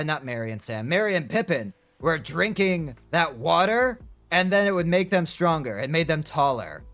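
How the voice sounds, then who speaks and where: A man chatting casually on a stream as he opens card packs. He is excitable and rambling, swears freely, and his voice sits a bit high. Faint music plays behind him. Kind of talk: casual chat while opening card packs.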